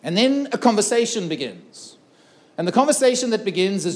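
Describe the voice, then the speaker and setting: A man's voice: high voice, sing-song, a little fast, a little mellow. A middle-aged man from South Africa, giving an earnest stage talk that tells a personal story and acts out the dialogue in it. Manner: earnest, dramatic retelling with acted-out dialogue. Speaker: keynote speaker. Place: festival stage before a live audience.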